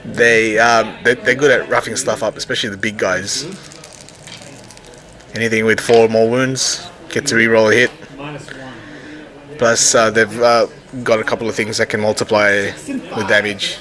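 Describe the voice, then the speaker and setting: A man with a fairly low voice talks through a tabletop wargame in a relaxed, explanatory way, often pausing and restarting his sentences. Loud crowd chatter fills the background of a busy gaming venue. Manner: hesitant, stops and restarts phrases often. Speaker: tabletop wargame player recording a battle report. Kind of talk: casual explanatory narration over a tabletop game.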